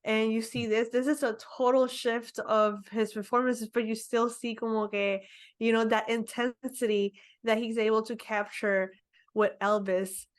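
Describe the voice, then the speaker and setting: A woman's voice: a little high, little pitch movement, unhurried. A young woman co-hosting a film review podcast, talking casually with many fillers and giggles. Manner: chatty, lots of "like" and "you know", giggles. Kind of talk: casual movie review chat.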